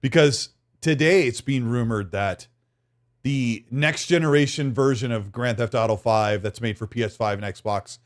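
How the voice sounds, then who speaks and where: A man's voice: medium pitch, normal speed. A man hosting a gaming podcast in casual chat, talking freely and reading out viewer comments. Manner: chatty, reads viewer comments aloud. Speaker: podcast host.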